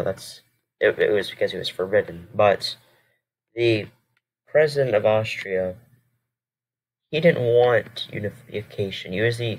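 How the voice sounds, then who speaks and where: A man casually commenting over a history video, hesitant and rambling, correcting himself often. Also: lowish voice. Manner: hesitant, rambling with many fillers and self-corrections. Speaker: reaction video host.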